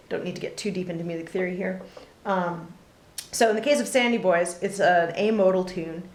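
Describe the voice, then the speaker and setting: A woman's voice: on the low side, moderate pace, a little hiss or hum. Woman teaching fiddle, roomy sound. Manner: relaxed, lots of ums, talks between demonstrations. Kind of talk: casual music lesson. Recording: roomy with loud fiddle playing. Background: fiddle playing.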